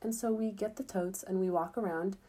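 A woman's voice: medium pitch, steady tone, a little fast, mellow, slightly rough. A young woman, chatting casually in a vlog, full of fillers and upbeat. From United States. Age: young adult. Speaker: student abroad.

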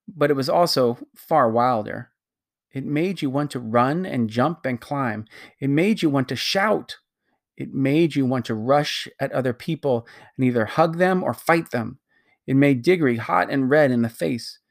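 Audiobook narrator reading a children's novel, steady delivery, a few stumbles. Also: mid-range voice. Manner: steady reading with occasional slips and restarts.

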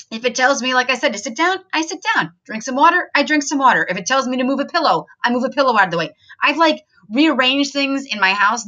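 A woman's voice: on the high side, pushed and bright. A woman hosting a podcast, talking in an earnest, chatty self-help monologue with many fillers. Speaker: podcast host.

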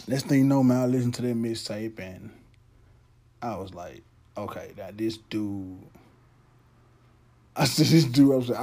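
A man's voice: medium pitch, mellow. A young man hosting a podcast, telling a heartfelt story in a loose, earnest monologue that often restarts its sentences. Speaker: podcast host. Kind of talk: casual monologue.

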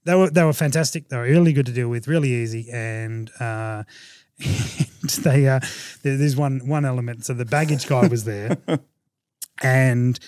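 A man hosting a podcast, telling a travel story in a casual, animated way, laughing often and acting out what people said. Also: medium pitch, moderate pace, no room sound. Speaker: podcast host.

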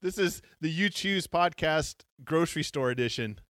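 A man's voice: on the high side, lively intonation, moderate pace, fairly bright tone, dry recording, studio quality. A man co-hosting a podcast, reading a children's adventure book aloud with playful banter and frequent laughter. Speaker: podcast co-host.

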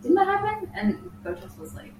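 A woman's voice: very high-pitched, sing-song, fairly quick. A young woman co-hosting a casual podcast, teasing and asking lots of questions. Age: young adult. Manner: joking, teasing, asks many questions. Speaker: podcast co-host. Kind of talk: casual chat. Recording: echoey room, mic far off, faint noise.

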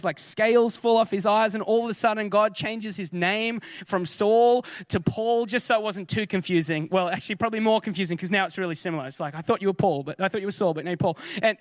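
A man delivering a conversational sermon in a very high voice, animated and chatty, with joking asides. The sound is dry and close, with no room around it. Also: no echo. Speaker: preacher. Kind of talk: casual sermon.

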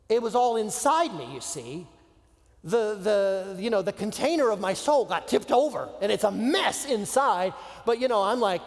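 A man's voice: sits high, brisk. A middle-aged man from Florida preaching a sermon, telling a personal story and acting out his own panicked thoughts. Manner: animated, acts out his own panic in quoted asides. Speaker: pastor. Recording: long reverb of a large hall.

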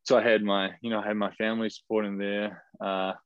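A young man in his twenties with a New Zealand accent, telling stories as a guest in a casual interview, chatty and quick to laugh, heard over a video call. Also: fairly low pitch, level tone, smooth, dry recording. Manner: chatty, laughs often, many fillers and restarts. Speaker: guest, professional footballer. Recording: dull lo-fi video call audio.

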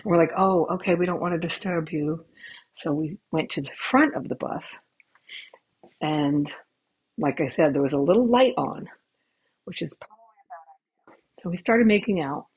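Deep-voiced and slightly rough, this woman speaks expressively and unhurriedly, pausing often, as she hosts a podcast at home with her cats around. Her casual stories are chatty, rambling and profane, recorded in dull lo-fi through a headphone mic that keeps cutting in and out.

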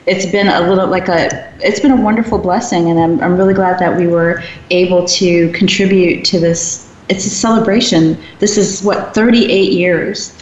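A woman's voice: fairly even intonation, normal speed, hardly any pauses, darkish tone. Earnest woman co-host, echoey room. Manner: earnest, rambling with restarts. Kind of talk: casual chat. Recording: echoey, dull, with faint rumble.

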